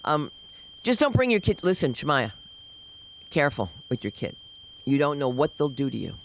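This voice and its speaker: A middle-aged woman doing stand-up at an open mic, telling loud, animated stories with sudden shouts. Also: deep voice, normal speed, a little hiss or hum, low-quality recording. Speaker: stand-up comic. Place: comedy club stage.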